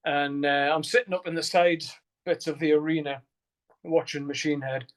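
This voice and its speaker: A man's voice: a little high, fairly even intonation, moderate pace. A middle-aged man with a Geordie accent, a musician guest rambling through stories with lots of swearing and laughter. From Newcastle, England. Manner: rambling storyteller, heavy swearing, frequent laughter, many restarts. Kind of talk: casual interview chat.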